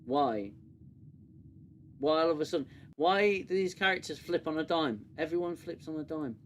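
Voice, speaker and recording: A man's voice: a little high, expressive, moderate pace, a little hiss or hum. A British man hosting a live review stream, ranting sarcastically and swearing freely. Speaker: show host.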